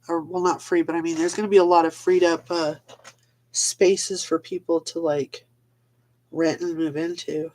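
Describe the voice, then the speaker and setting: A woman's voice: low voice, a little mellow. Woman ranting on her live vid, blunt and sweary, laughs a lot and trails off. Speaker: vlogger on a live video. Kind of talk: casual ranting monologue.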